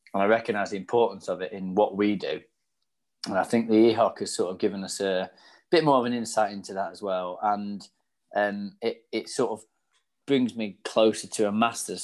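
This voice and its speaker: A man's voice: lowish voice, fairly even intonation, a little fast, darkish tone. A man in casual chat as co-host, talking about coaching and studies, laughing easily at himself. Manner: laughs easily, self-deprecating.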